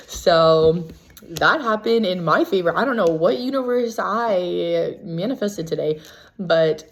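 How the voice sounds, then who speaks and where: Woman, low-pitched, reality contestant spilling gossip in a casual recap, filler-heavy and animated. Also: slow pace. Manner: chatty, filler-heavy with constant "like"; gossipy and animated when quoting others.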